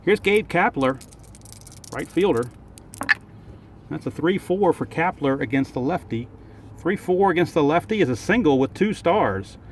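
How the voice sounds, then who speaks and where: A man's voice: a little high, animated, a little slow, pauses often, noisy background. A man calling play-by-play for a tabletop baseball game outdoors and thinking aloud over each roll. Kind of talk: play-by-play commentary of a dice game.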